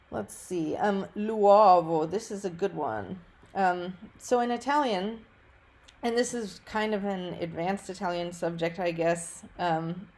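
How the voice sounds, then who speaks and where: An Italian teacher gives a recorded language lesson over slides, relaxed and careful, with frequent ums and small self-corrections. Her pitch is fairly low.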